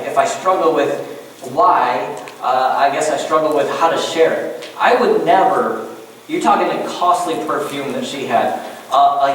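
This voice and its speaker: A man preaching a sermon to his congregation as pastor, animated and joking in asides. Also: on the high side, a little hiss or hum. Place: church. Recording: echoey church room from far off.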